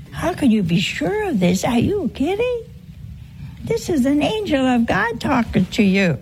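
Gravelly, slow-speaking woman preacher. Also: high voice, very animated, darkish tone, a little hiss or hum. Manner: teasing, chuckles often, rhetorical questions to the audience. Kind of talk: humorous sermon.

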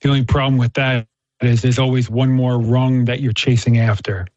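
A man's voice: medium pitch, little pitch movement, moderate pace, a little mellow, dry recording. A man talking earnestly about faith and telling a story, often repeating words as he restarts. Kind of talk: casual faith-based chat with storytelling. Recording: dull, slightly muffled sound.

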